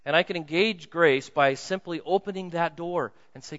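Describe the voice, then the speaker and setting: A male pastor preaching a sermon in a pleading way, dropping to a hush and rising to loud appeals. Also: a little high, normal speed. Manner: pleading, swings from hushed to loud. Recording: muffled sound with long hall reverb.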